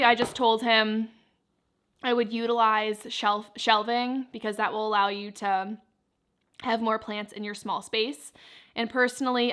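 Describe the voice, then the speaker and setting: A woman's voice: on the high side, fairly bright tone, clear, resonant tone. A young woman vlogger chatting casually, answering viewer questions while she eats. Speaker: plant vlogger.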